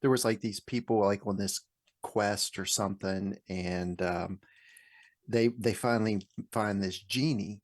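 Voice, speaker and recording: A man co-hosting a podcast, retelling a joke in a halting, laid-back way. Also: on the low side, steady tone, no room sound, clean studio sound. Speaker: podcast co-host. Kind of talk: casual chat.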